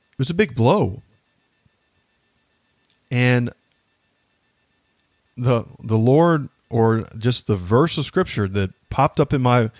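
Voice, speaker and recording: Guy in his 30s hosting a faith podcast, low voice, earnest and halting, lots of uhs, dry close mic. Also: a little mellow, no echo. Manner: earnest, halting, with many fillers and restarts. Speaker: podcast host. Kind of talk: faith-based personal reflection.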